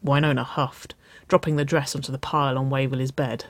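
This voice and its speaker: A narrator reading a story aloud in a slow, measured way. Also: mid-range voice, level tone, slight background noise.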